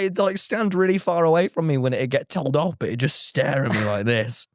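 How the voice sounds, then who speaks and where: A man telling a comic story on a podcast, animated and giggly, with plenty of exaggeration. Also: a little high, brisk, hardly any pauses, no echo, studio quality.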